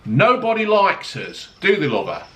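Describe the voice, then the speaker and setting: A man's voice: high voice, wildly swooping pitch, moderate pace, bright, forceful tone. A man ranting angrily in casual chat, swearing as he talks to camera. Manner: angry, sweary rant. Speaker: vlogger.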